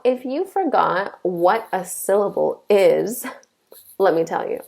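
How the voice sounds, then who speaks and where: A woman's voice: mid-range voice, vocal fry, darkish tone. A young woman teaching a lesson, explaining step by step and checking in with "okay?" often. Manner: slow, deliberate explaining with frequent "okay?" checks. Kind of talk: classroom lesson.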